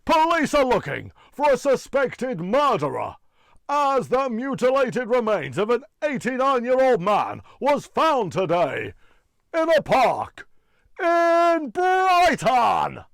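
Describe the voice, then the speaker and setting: A comedian impersonating a TV talent-show announcer who speaks in a slow, drawn-out, dramatic announcing style. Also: male voice, very high voice, wildly swooping pitch, creaky, fairly bright tone, no room sound, pitched above the performer's own voice, full character voice. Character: booming TV talent-show announcer, theatrical man.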